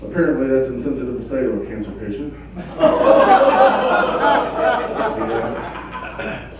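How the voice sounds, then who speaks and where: A middle-aged man doing a stand-up comedy set in a club, delivering crude jokes in a deadpan way. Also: medium pitch, slow pace. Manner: crude deadpan one-liners. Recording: echoey club from far off, crowd laughter. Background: audience laughing.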